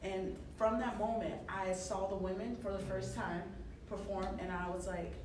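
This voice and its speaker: A woman's voice: mid-range voice, fairly even intonation, normal speed. Chatty woman, distant roomy sound. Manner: chatty, many fillers, bursts of laughter. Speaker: interview guest, professional wrestler. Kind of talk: casual radio interview chat. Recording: roomy, distant mic, noisy background.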